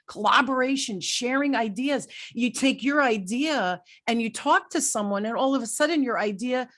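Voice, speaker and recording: A middle-aged woman hosting an interview, who tells stories in a lively way and often checks in with "right?". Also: fairly high pitch. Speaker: podcast host. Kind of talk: conversational interview.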